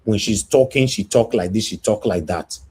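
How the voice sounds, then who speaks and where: A man with a Nigerian accent hosting a live stream, moderating a heated call and preaching peace, scolding and at times shouting. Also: on the low side, normal speed, husky.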